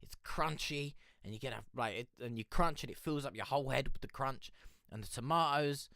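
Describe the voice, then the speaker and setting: A man's voice: medium pitch, fairly quick, pushed and bright, no echo, studio quality. A man with a cold, hosting a casual music review chat, rambling and swearing freely. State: has a cold.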